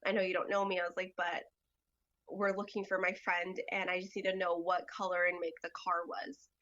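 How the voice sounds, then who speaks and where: A woman guest on a podcast, telling a personal story in a halting way, full of "like" and "you know". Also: fairly low pitch, flat delivery, fairly bright tone, lo-fi sound.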